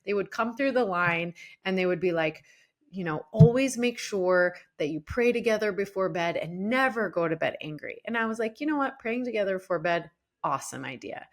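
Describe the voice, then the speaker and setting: A woman in her forties, a relationship coach guesting on a podcast, telling marriage stories in a casual, animated way and acting out past moments in her own voice. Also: mid-range voice, moderate pace. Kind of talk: casual podcast interview storytelling.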